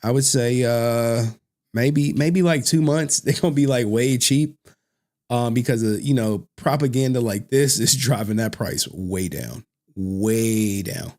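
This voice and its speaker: A man's voice: mid-range voice, unhurried, a little mellow. A man who streams reaction videos, chatting casually in loose slang and laughing often between remarks.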